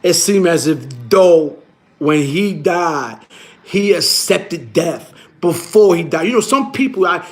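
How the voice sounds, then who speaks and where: A middle-aged man chatting casually on a livestream, animated and slangy, swearing often. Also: on the high side, slow. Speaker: livestream host.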